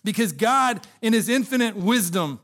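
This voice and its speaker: A man's voice: high voice, expressive, normal speed, a bit bright. A man preaching an Easter sermon, telling stories and addressing the congregation directly. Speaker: pastor.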